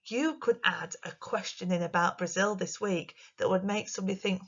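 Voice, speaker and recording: A woman teacher, giving a recorded lesson to young children in an expressive, sing-song way. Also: mid-range voice, normal speed, hardly any pauses, breathy edge, muffled recording. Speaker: primary school teacher.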